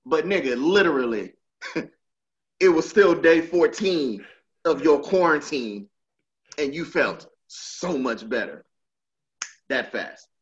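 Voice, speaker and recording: Blunt, profane podcast co-host. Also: male voice, on the high side, animated, slow pace, pauses often, dull audio. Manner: blunt, profane, mocking, laughs often. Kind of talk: casual chat.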